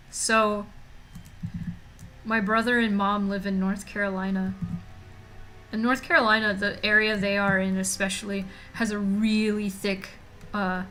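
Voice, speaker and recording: Bright-voiced woman chatting on stream. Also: medium pitch, a little hiss or hum. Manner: chatty and joking, reading chat aloud. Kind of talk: casual stream chat. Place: home streaming setup.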